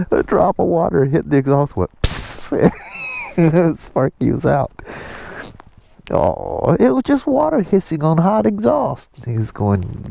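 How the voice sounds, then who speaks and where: A middle-aged man vlogs a rainy motorcycle ride and then continues at home, easygoing and talking both to himself and his viewers while chuckling often. His voice is on the high side with wildly swooping pitch, slow, creaky, and dark in tone, with no echo.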